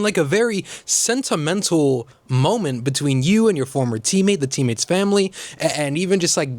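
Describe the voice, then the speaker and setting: A man's voice: fairly high pitch, no room sound. A man hosting a casual comedic commentary, sarcastic and full of rambling asides. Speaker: host.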